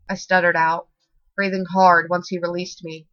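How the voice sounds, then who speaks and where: Woman narrating horror with bright voice. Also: lowish voice, flat delivery, normal speed, no echo. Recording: slightly muffled dry recording.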